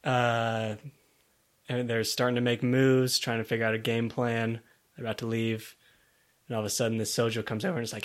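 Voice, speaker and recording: A man chatting casually about a tabletop game session, animated and laughing in mock outrage. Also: mid-range voice, fairly quick.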